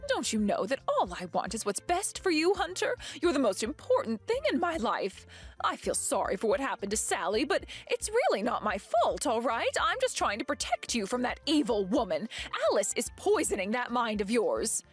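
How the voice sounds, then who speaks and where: A woman's voice: fairly high pitch, big pitch swings, normal speed, husky, soft background music. A woman voicing a possessive, scheming mother-in-law who talks in a defensive, indignant way.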